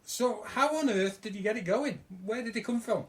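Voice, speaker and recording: A man's voice: sits high, moderate pace, a bit bright. A man hosting an interview, agreeable and encouraging, mostly giving brief affirmations and prompts. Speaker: host interviewer. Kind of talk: casual interview chat.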